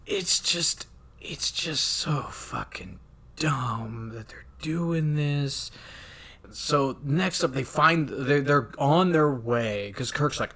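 A man's voice: fairly high pitch, slow pace. Laid-back man swearing through a movie recap. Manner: profane, animated, acts out characters. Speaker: podcast co-host. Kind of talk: casual movie recap chat.

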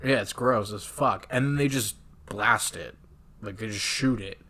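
A man casually retelling a film with lots of swearing and animated asides. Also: on the low side. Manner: profane, animated retelling with quick voiced asides. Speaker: podcast co-host recapping a film. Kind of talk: casual chat.

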